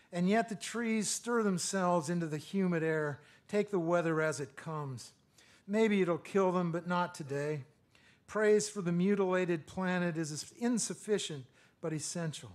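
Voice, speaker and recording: A middle-aged man giving a lecture, reading his own poems in a measured rhythm and breaking off for hesitant asides full of fillers. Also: fairly high pitch. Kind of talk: poetry reading with spoken asides.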